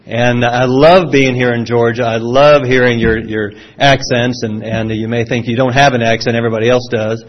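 A middle-aged man from Florida with a Southern accent gives a personal testimony to a live audience, his voice pitched at an ordinary middle. He tells the story in a folksy, self-deprecating way, restarting his phrases often. The recording sounds somewhat dull and lo-fi. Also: steady tone, moderate pace, hardly any pauses. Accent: Southern American. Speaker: speaker sharing a recovery testimony.

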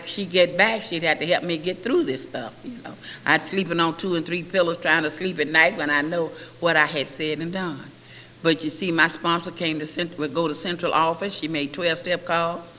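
A woman's voice: lowish voice, moderate pace. Older woman telling her story in a hall. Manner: storytelling, quotes others in lively voices. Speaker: recovery meeting speaker. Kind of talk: personal testimony. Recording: echoey hall with faint hiss.

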